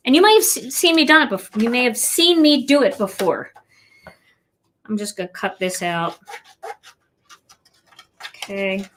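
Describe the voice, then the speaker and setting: A woman's voice: medium pitch, noisy background. Chatty woman demonstrating card stamping. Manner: chatty and playful, talking to viewers while working. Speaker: card-making instructor.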